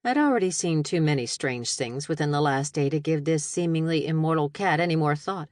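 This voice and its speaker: A woman narrating a first-person audiobook in an expressive, wry storytelling manner. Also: deep voice, fairly quick, no echo. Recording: dry studio narration.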